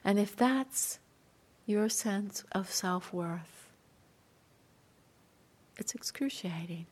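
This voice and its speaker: Slow, gentle woman giving a dharma talk. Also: medium pitch, breathy edge. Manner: gentle, unhurried, soft-spoken. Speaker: meditation teacher.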